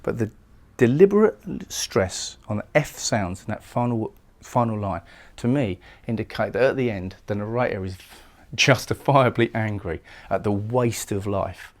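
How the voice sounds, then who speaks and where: A man lecturing on a poem, explaining it thoughtfully and sometimes pausing to restart a phrase. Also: on the low side, expressive. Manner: reads verse lines slowly and solemnly. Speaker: poetry lecturer. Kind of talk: recorded lecture analysing a poem.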